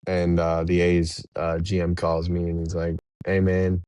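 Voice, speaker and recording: A young man with a low, deep voice tells loose, rambling stories as a podcast guest, laughing now and then between anecdotes. The sound is dry and close, with no room echo behind him. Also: completely flat delivery, normal speed, a little mellow. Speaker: professional baseball pitcher, podcast guest. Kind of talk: casual interview storytelling.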